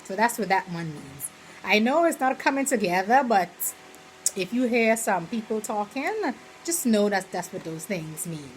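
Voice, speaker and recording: The poor audio carries slight background noise as a young Bahamian-accented vlogger chats at a medium pitch. Her talk rambles, full of "you know" fillers, and slips into lively quoted examples.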